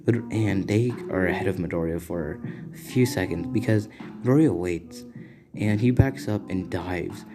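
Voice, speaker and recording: A man's voice: sits low, moderate pace. A man casually narrating a fan story in a rambling way, with restarts. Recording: guitar music in background.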